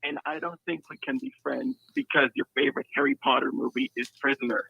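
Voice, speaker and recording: Gravelly male caller on muffled phone line. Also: mid-range voice, fairly even intonation, brisk, a little hiss or hum.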